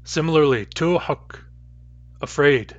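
A man teaching a language lesson, repeating each example word slowly and carefully. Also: on the high side, dry recording, dull audio. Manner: slow, careful repetition of example words.

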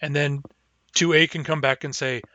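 A man teaching a language lesson, explaining grammar and modeling words slowly and carefully for learners to repeat. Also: fairly high pitch, fairly even intonation, sharp tone, dry recording, dull audio. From Barclay Sound region, Canada. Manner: patient, slow model pronunciations for repeating.

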